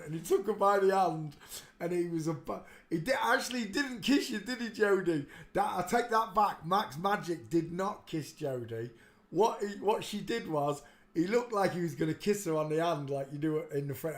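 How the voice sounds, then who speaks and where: A man hosting a casual livestream, rambling to himself as he browses pictures and turning loud and animated when he tells a story. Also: high-pitched, moderate pace. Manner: rambling, talks to himself while searching pictures; gets loud and animated telling stories. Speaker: livestream host. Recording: roomy echo with faint ambience.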